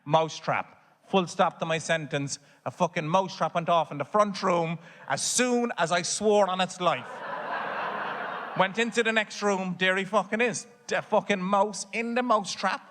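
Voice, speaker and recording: Cork Irish stand-up comic in a hall. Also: male voice, sits high, a little slow, fairly bright tone. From Ireland. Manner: swearing, storytelling with exaggerated voices for his family. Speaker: stand-up comedian. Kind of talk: stand-up comedy set. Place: theatre stage before a laughing audience.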